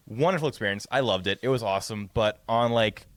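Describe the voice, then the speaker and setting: Low-voiced profane young man telling a story. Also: a little fast, no echo. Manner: profane, rambling, animated retelling. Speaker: podcast co-host. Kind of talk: casual storytelling.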